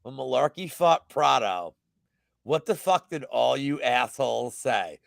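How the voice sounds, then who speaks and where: A man in his thirties ranting on a livestream, loud and boastful, swearing freely. His pitch swings widely from low grumbles to high outbursts, with a gravelly edge. The sound is close and dry. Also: a little slow, no room sound. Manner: animated, profane, boastful rants. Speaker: sports betting guest. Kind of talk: casual livestream chat.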